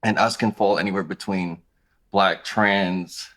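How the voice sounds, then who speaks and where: A man in his thirties, a podcast guest talking about his clothing brand in a relaxed, conversational way. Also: sits low, a little slow. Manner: relaxed, conversational, thinks aloud with restarts. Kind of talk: casual interview chat.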